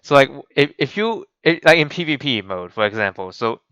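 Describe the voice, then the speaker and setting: A man's voice: medium pitch, very animated, fairly quick, a bit bright, clean tone, dry recording, lo-fi sound. A man hosting a gaming channel, giving casual game commentary and rambling with many restarts and fillers. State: voice cracking.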